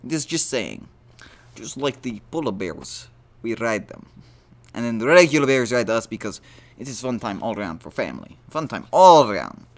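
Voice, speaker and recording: A man's voice: mid-range voice, very animated, moderate pace. A man putting on a boastful, joking Russian character with a put-on Russian accent and broken-English bluster.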